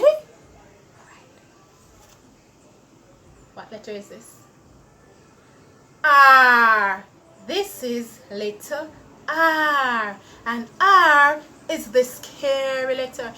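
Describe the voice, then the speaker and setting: A woman teaching young children to read, slowly sounding out letters and cheering them on. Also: sits high, pushed and bright. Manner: slow, drawn-out sounding out of letters. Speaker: early-reading teacher. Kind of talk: children's phonics lesson.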